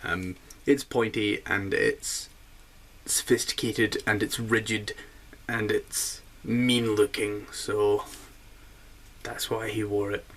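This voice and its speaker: A stern, rigid man with a put-on German accent, as a vlogger puts him on. He talks slowly in clipped phrases, in a low voice with a bright edge. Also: little pitch movement, a little hiss or hum.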